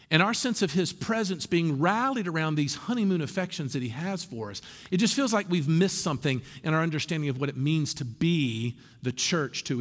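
Animated pastor preaching. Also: male voice, on the high side, long reverb tail. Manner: animated storytelling with humor and asides. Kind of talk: sermon. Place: church sanctuary.

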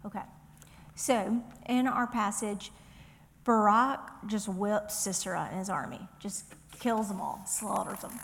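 A woman's voice: medium pitch, measured pace, vocal fry, long reverb tail, a little hiss or hum. A woman with a Southern US accent teaching a Bible study, earnest and conversational, reading scripture aloud.

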